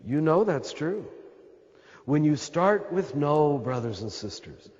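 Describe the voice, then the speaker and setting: A Catholic priest with an American accent speaks to a live audience in a large hall, his throaty voice on the high side, husky and a little mellow. Very animated yet slow, he emphasizes and repeats his points directly to listeners in a spiritual talk, captured in a muffled recording.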